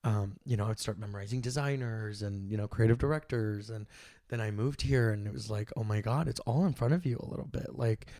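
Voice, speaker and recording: A young woman from Texas co-hosting a podcast, talking in an animated, playful way, laughing often and sometimes loud. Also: rumbling low, brisk, dry recording, studio quality. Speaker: podcast co-host. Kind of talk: casual chat.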